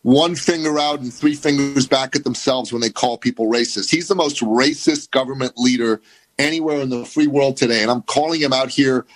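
A man's voice: medium pitch, low-quality recording. Emphatic male political commentator. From Middle East. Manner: emphatic, stammering restarts. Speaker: guest commentator.

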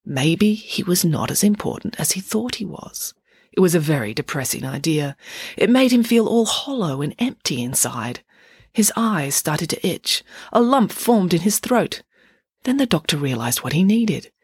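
Expressive woman reading a children's story. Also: fairly low pitch, normal speed, slightly rough, no room sound. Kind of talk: reading a children's book aloud.

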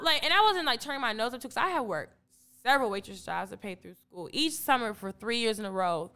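A woman's voice: fairly high pitch, expressive, fast talker, bright, forceful tone. A young adult woman from Detroit, a podcast guest in casual chat, telling stories animatedly and acting out her own past remarks. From Detroit, Michigan.

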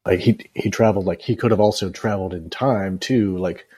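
A man's voice: deep voice, brisk, warm tone, husky. A man on a casual book podcast, asking hesitant questions with many fillers. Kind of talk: casual book-club chat.

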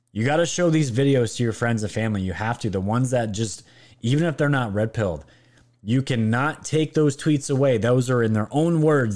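A man's voice: medium pitch, darkish tone. A man hosting a political commentary show, reacting to clips with mocking, incredulous asides to his viewers.

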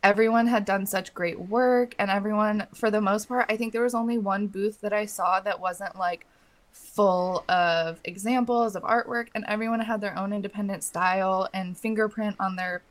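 A woman's voice: mid-range voice, steady tone, moderate pace. Playful young woman podcast co-host. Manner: playful, puts on mock accents and giggles. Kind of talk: casual chat.

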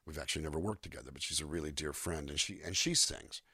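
An older man, a singer-songwriter, talking in a relaxed interview and acting out voices and melodies as he explains. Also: extremely low pitch, fast talker, slightly rough, no room sound, studio quality. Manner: animated, demonstrates voices and melodies mid-sentence. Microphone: USB microphone.

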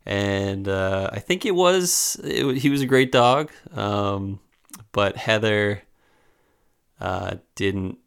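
A man chatting casually on a podcast, rambling and halting with lots of fillers and restarts, a little downcast. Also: lowish voice, lively intonation, vocal fry, clear, resonant tone. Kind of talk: casual chat.

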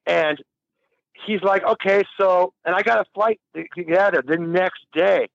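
A man's voice: high-pitched, normal speed, gravelly, no room sound, dull audio. A man telling a long, rambling story in a casual interview, laughing and swearing freely. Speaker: musician guest.

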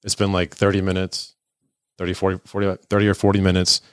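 A man's voice: low-pitched, quick pace, no echo, studio quality. A young man telling a casual, profane story and acting out the voices of the people in it. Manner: animated, profane, acts out voices in his stories.

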